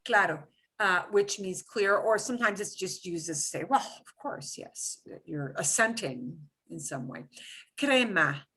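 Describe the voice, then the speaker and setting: Woman teacher for a beginner language lesson, animated delivery, patient and step by step. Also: fairly low pitch, measured pace, slightly rough. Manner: repeats words for students to echo. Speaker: Spanish teacher.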